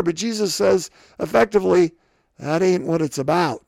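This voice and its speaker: A man's voice: high-pitched, lively intonation, moderate pace, gravelly, a little mellow, no echo, clean studio sound. A man preaching a sermon in a loose, conversational way, asking rhetorical questions and acting out the scripture quotes. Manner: acts out scripture quotes with voices.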